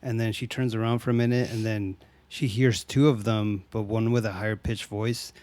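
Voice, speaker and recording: A man's voice: on the low side, level tone, moderate pace, darkish tone, no room sound. A man casually recapping a horror movie with a co-host, slangy and laughing often. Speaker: podcast co-host.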